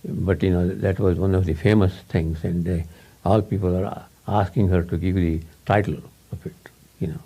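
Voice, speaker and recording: A man with a low, gravelly voice gives an informal spiritual talk to students. He speaks in English, his second language. He rambles, repeats words and chuckles between thoughts. The tone is mellow and a little husky. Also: fairly even intonation, moderate pace. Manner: rambling, repetitive, chuckles often. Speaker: spiritual teacher.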